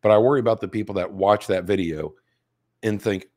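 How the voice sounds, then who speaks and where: A man in his fifties, a show host, gives emphatic direct-to-camera commentary with rhetorical questions to his viewers, his voice slightly hoarse. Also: fairly low pitch, brisk, a little mellow. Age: 50s.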